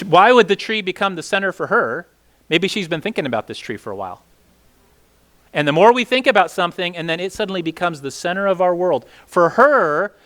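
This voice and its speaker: Lively high-voiced man teaching casually. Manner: conversational, many "like" fillers and restarts; rhetorical questions to the group. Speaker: Bible teacher.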